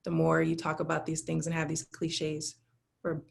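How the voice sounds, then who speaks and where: Panelist: woman, heavy vocal fry, low pitch, relaxed, filler-heavy talk. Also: moderate pace. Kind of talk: casual panel discussion.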